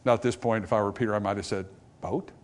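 A man preaching a revival sermon to a congregation in church, swinging from loud, rising passages to low, quiet ones and acting out small dialogues between characters. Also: steady tone, quick pace.

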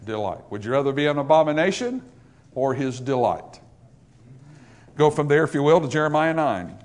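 A man's voice: on the high side, lively intonation, moderate pace. A man preaching a sermon, emphatic and conversational, asking the congregation rhetorical questions. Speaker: pastor.

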